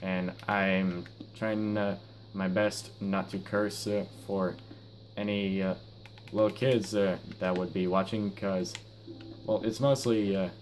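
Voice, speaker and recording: Slow, deep-voiced halting teenage boy. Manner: hesitant, halting, full of fillers and restarts. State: sore mouth after wisdom teeth removal. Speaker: gaming YouTuber. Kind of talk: casual gameplay commentary. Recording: guitar music playing under the voice. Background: guitar music.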